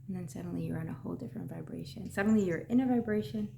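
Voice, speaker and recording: A woman coach speaks in a soft, reflective way, asking gentle rhetorical questions and sometimes dropping almost to a whisper. Her voice has a gravelly edge, and the tone is dark and mellow. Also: on the low side, wildly swooping pitch, very fast, a little hiss or hum. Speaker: emotions coach.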